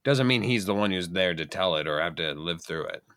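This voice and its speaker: Male podcast host, lively pitch swings, dry close sound, theatrical announcer flair. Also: brisk, no echo. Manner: playful, mock-grandiose announcing. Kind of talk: casual group chat.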